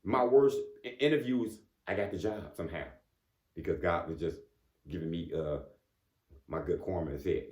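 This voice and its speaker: This casual motivational talk comes from a man with a deep, animated voice who speaks a little fast. The recording is echoey, and his conversational style is full of "you know what I'm saying" and chuckles between points.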